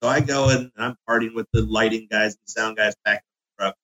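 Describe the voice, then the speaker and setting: A man's voice: lowish voice, steady tone, fast talker, bright, forceful tone, dull audio. A man, a guest chef on a podcast, telling stories in a blunt, profane, casual way. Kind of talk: casual chat.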